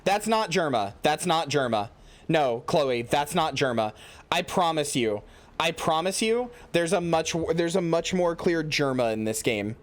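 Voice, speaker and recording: A man's voice: fairly high pitch, lively intonation, unhurried. A man streaming a game in casual commentary, rambling with many fillers and swearing into a headset mic.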